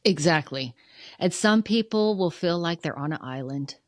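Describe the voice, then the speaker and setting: A woman's voice: fairly low pitch, normal speed, no echo, clean studio sound. A middle-aged American woman, a podcast guest, telling a personal story candidly and acting out the dialogue with feeling. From United States. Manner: emotional, animated, acts out quoted dialogue. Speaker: podcast guest, funeral museum president.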